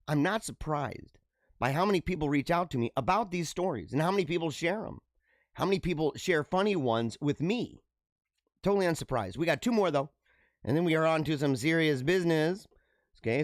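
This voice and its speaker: A man's voice: a little high, no echo, clean studio sound. A man hosting a podcast, giving casual and slangy commentary on news stories and laughing often. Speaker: podcast host.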